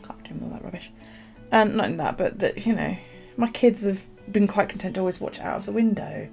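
A woman's voice: mid-range voice, fairly quick, gravelly, a little mellow, faint music behind. A middle-aged woman, a journaling vlogger, telling stories in a casual, chatty way and swearing freely. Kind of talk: casual chat.

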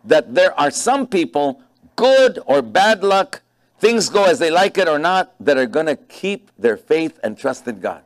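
A man's voice: fairly high pitch, measured pace. A man preaching a sermon as a pastor, telling stories with animation and stressing key phrases. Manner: animated storytelling, acting out dialogue in voices.

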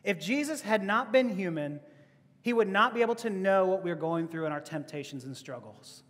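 High-pitched guy preaching, chatty, laughs a lot, long echo like a big hall. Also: lively intonation, moderate pace, a bit bright. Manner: conversational, laughing asides, rhetorical questions. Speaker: pastor. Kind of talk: sermon. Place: church hall.

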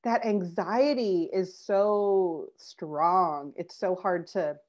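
A woman's voice: lowish voice, a little mellow. A woman speaking as a guest birth coach in casual conversation, affirming and earnest. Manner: affirming listener, quick agreement and laughter. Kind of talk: casual chat.

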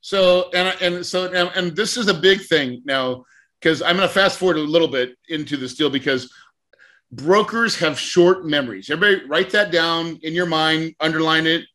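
A podcast host and real estate mentor conducts an interview, telling a story with animation, acting out conversations, and laughing often. His voice is on the high side, bright and forceful, at a moderate pace.

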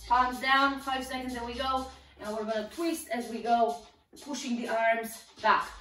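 A woman's voice: fairly high pitch, steady tone, normal speed, fairly bright tone, echoey room, recorded from a distance, faint music behind, rough recording. A woman fitness instructor coaching a home workout, encouraging and counting down while exercising along, a little out of breath.

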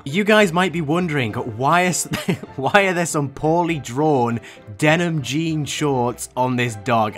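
A man's voice: mid-range voice, a bit bright. Young male reaction host, incredulous, sarcastic, laughs a lot, faint music behind. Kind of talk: comedic reaction commentary.

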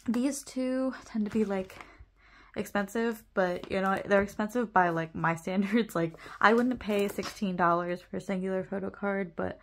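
A young woman with a medium-pitched voice talks at a moderate pace over slight background noise while sorting her photocards. It's casual, rambling chat, and she laughs often and corrects herself.

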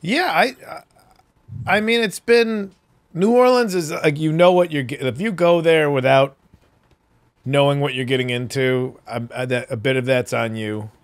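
A middle-aged man co-hosting a comedy podcast, chatting casually in an animated way, dropping into low groaning asides. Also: normal speed, no room sound. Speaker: podcast co-host, reads the ad.

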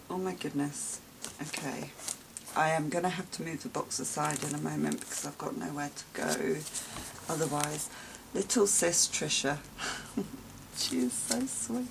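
Low, slow-talking gushing woman. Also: fairly even intonation, vocal fry, background noise. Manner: gushing, exclaims and gasps often. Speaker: vlogger opening gifts. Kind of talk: casual unboxing chat. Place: at home.

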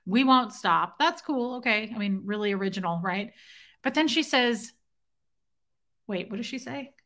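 A woman's voice: on the high side, lively intonation, normal speed, fairly bright tone. A young woman hosting a casual livestream, chatting playfully and reading viewer comments aloud, now and then breaking into a snatch of song. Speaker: livestream host.

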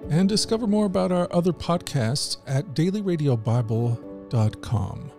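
A man hosting a daily podcast, reading scripture aloud in a steady, earnest voice. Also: on the high side, normal speed, gravelly, soft background music. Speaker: host and Bible reader.

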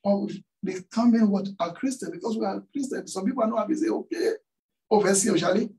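A pastor preaching in church, his voice fairly high-pitched but mellow and dark in tone. He tells a story and keeps throwing questions out to the congregation, and he sounds set back from the microphone. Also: fairly quick, distant mic, rough recording. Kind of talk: sermon. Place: church hall.

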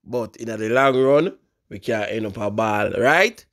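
A man with a Jamaican accent hosting a casual commentary show, bantering lively in Patois. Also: on the low side, a little slow, dry recording, studio quality. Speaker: host.

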